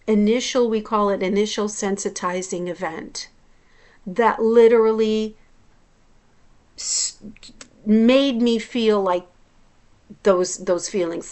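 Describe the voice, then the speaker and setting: A woman who works as a hypnotherapist speaks in a casual personal vlog, reflective and confessional, frequently restarting her sentences. Her voice is medium in pitch.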